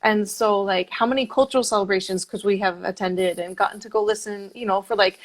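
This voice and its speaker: A woman from the United States hosting an interview, talking in a relaxed, reflective way with fillers. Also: medium pitch. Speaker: podcast host. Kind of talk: casual interview chat.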